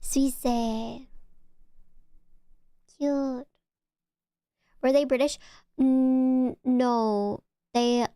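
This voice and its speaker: Woman, high voice, casual streamer chat, gushing, stammering restarts, dry close sound. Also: steady tone, very slow, pauses often, mellow, smooth, no room sound. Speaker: VTuber streamer.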